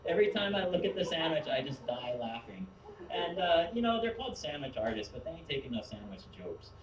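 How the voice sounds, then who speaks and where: A man's voice: fairly high pitch, sing-song, fairly quick, lo-fi sound. A man telling a rambling stand-up story who often laughs at his own jokes, recorded from a distance in an echoey room. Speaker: stand-up comedian. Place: comedy show venue.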